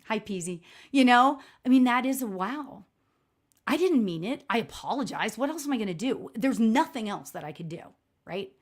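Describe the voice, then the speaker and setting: A middle-aged woman with a slightly high voice hosts a casual live stream as a spiritual medium. She talks in an expressive, chatty way and keeps checking in with her viewers. Her voice is loud. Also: normal speed. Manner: chatty and expressive, frequent "right?" and laughs; self-described loud voice. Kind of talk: casual livestream storytelling.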